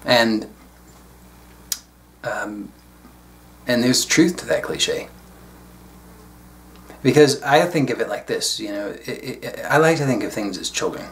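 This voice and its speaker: A man speaking as a spiritual teacher in a solo video talk, reflective and unhurried with casual asides. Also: medium pitch, expressive.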